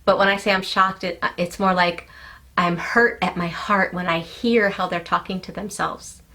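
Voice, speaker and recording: Calm woman life coach explaining. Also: fairly low pitch, moderate pace. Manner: calm, explanatory, addresses viewer directly with "okay". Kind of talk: coaching talk to camera.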